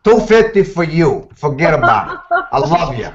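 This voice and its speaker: A brash tough-guy mobster fixer swaggers through his offer, pushy and repetitive, as a man puts him on. He sits a touch higher than a plain speaking voice. The sound is muffled and lo-fi, like an online call. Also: big pitch swings, moderate pace, noisy background. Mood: swaggering. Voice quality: swaggering, pushy, repeats itself.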